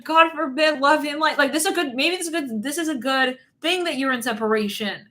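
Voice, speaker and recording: A woman's voice: high-pitched, brisk, a bit bright. A woman giving a casual tarot reading, rambling and giggly, swearing bluntly as she talks. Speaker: tarot reader.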